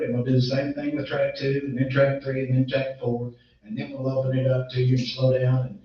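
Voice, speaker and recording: A man's voice: mid-range voice, slight background noise. Echoey far-off auctioneer man. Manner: rapid rhythmic bid chant with plain folksy asides. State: strained voice from illness. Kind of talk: livestock-style auction chant and announcements. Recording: echoey muffled room recording from a distance.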